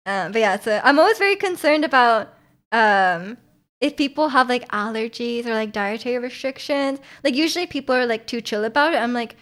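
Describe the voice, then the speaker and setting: Girl yapping on stream, bit high pitched, lots of likes and little laughs. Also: expressive, fairly quick, fairly bright tone. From Vancouver, Canada. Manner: rambling, filler-heavy, giggly. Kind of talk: casual chat with viewers.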